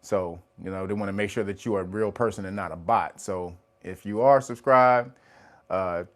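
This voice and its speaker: A man hosting a casual livestream, greeting viewers by name, laughing often and swearing casually. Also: normal speed. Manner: rises to a high, loud laughing voice when teasing. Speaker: livestream host.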